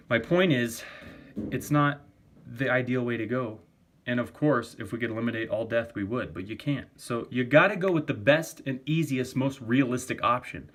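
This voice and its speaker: A man's voice: mid-range voice, moderate pace, fairly bright tone. Profane ranting man. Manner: profane, argumentative, repetitive. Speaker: vegan vlogger. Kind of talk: casual vlog rant.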